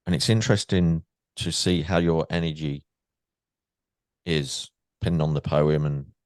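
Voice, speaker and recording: A man's voice: very deep voice, fairly even intonation, unhurried, no room sound. An English man hosting a podcast, chatting casually and laughing with his guest. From England. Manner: chatty, laughing, restarts often. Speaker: podcast host. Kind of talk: casual interview chat.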